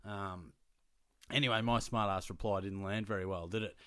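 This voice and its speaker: A man's voice: fairly low pitch, fairly even intonation, moderate pace, a bit bright, smooth, dry recording, studio quality. A young Australian man hosting a podcast, telling a story in casual, blokey banter with plenty of swearing. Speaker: podcast host.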